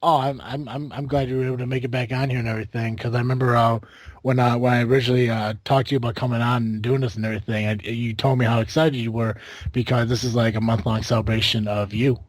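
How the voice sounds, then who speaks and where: A man's voice: medium pitch, level tone, fast, dry recording. An American man hosts a casual podcast. He rambles and restarts often, full of fillers. His mid-range voice is recorded close and dry. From United States. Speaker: podcast host.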